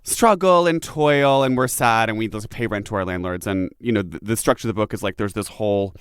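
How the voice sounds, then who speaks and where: A man co-hosting a podcast in casual chat, wry and teasing with quick jokes. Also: lowish voice, clean tone, dry recording, clean studio sound. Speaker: podcast co-host.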